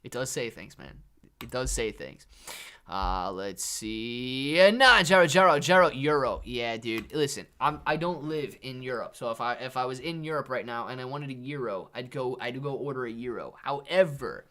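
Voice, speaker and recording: A man's voice: mid-range voice, normal speed, fairly bright tone. Male livestream host, easygoing and chatty, reads chat aloud between casual market talk. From Ohio, USA. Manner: laid-back, reads chat aloud, calls viewers man and dude.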